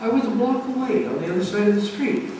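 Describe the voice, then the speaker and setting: A woman's voice: medium pitch, animated, fast talker. An older woman telling a playful childhood story to an audience, laughing through her punchlines. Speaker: storyteller at an art show event. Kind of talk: casual anecdote told to a live audience. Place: community center gallery. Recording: echoey room from far off, faint noise.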